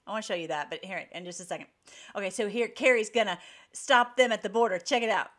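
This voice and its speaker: A woman hosting an online show, giving emphatic, rapid-fire political commentary between video clips. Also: medium pitch, fairly bright tone.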